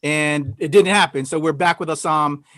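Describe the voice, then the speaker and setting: A man's voice: a little high, steady tone, moderate pace, a bit bright, no room sound, clean studio sound. A man hosting a casual review podcast over a video call, chatty and loose with many fillers, laughing often. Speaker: podcast host.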